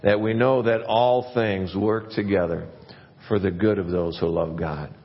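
A low-voiced man preaches an earnest sermon, his voice climbing and swelling when he drives a point home. The church recording is dull and muffled. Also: fairly even intonation, unhurried, long reverb tail. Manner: earnest preaching, rising and getting louder when stressing a point. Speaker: pastor.

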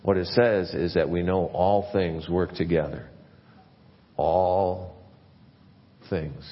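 A low-voiced man preaches an earnest sermon, his voice climbing and swelling when he drives a point home. The church recording is dull and muffled. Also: moderate pace, long reverb tail. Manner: earnest preaching, rising and getting louder when stressing a point. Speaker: pastor.

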